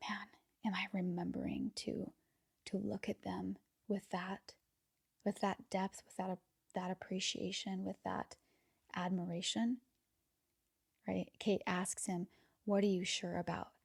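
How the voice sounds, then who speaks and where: Woman podcast host, chatty and earnest, slips into soft, breathy asides. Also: mid-range voice, level tone, takes it slowly, long pauses. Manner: enthusiastic, drops to soft near-whisper when moved; repeats words while searching for thoughts. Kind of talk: casual reflective monologue.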